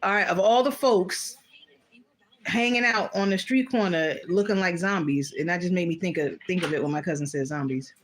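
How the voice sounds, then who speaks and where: A woman hosting a casual livestream while eating, excitable and exclamatory, swearing freely. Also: on the low side, normal speed. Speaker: livestream host.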